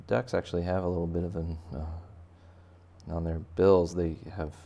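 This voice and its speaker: A man with a deep, gravelly voice leads a relaxed drawing lesson for kids. He talks the viewer through each step and tosses in playful jokes as he draws. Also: unhurried, lo-fi sound. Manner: chatty, joking asides while sketching. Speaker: art teacher. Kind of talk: casual drawing tutorial for kids.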